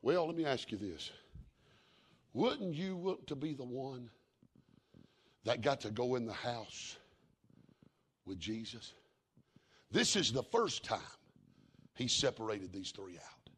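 A middle-aged man preaching a sermon in a folksy, repetitive cadence, moving from quiet storytelling to fervent preaching. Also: mid-range voice, expressive, measured pace, long pauses, breathy edge.

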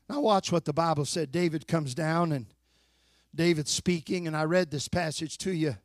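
An older man preaching a sermon in a folksy, plainspoken way, swinging from fervent shouted exhortation to low, slow storytelling. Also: no echo, studio quality.

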